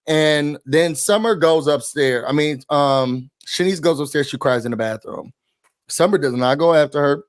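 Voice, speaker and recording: A man talks through a reality show recap in a loose, opinionated rant, full of slang and fillers. His voice sits a little high for a man. The sound is dry and close, with no room echo. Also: normal speed. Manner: chatty, opinionated, slangy storytelling with frequent fillers.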